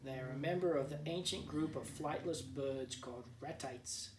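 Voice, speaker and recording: A male teacher reading a picture book aloud to children, gently explaining words as he goes, recorded at home. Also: a little high, moderate pace, recorded from a distance, background noise. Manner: gentle storyteller who explains words for kids. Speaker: teacher, guest reader. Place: at home, remote learning. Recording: echoey room, voice off-mic, faint background.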